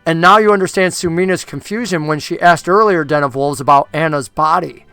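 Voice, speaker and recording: A game master narrating a tabletop role-playing game in a lively, storytelling manner. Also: medium pitch, brisk, clear, resonant tone, no echo. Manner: lively storytelling, with frequent acted voices.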